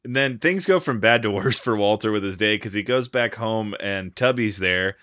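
A man's voice: lowish voice, normal speed, a bit bright, no echo, studio quality. An Australian man co-hosting a casual film-review podcast, recapping the plot with wry jokes. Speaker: podcast co-host.

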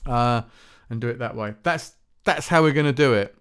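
A man's voice: mid-range voice, brisk, clear, resonant tone. A man hosting a music podcast, rambling casually, often stumbling over his words and swearing offhand. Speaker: podcast host.

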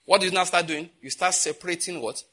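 A man's voice: high voice, fast talker, pushed and bright. A man preaching a sermon, asking the congregation questions and answering them himself, with emphatic repetition. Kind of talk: sermon teaching.

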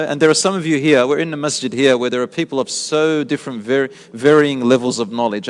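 A religious teacher gives a lesson in a mosque hall, explaining points and putting questions to his listeners. His mid-range male voice trails off in a long reverb tail.

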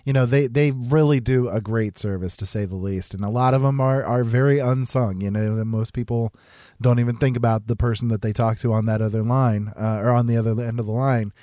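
A man hosting a podcast in casual chat, halting and repeating words with lots of fillers. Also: mid-range voice, steady tone, dark tone, dry recording, clean studio sound.

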